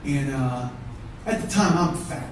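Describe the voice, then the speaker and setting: A man's voice: mid-range voice, lively intonation, measured pace, a little hiss or hum. A male comedian performing a one-man storytelling show, talking in a conversational, profane way and bantering with the audience. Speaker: stand-up comedian. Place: theatre stage with live audience. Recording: echoey theatre from far off.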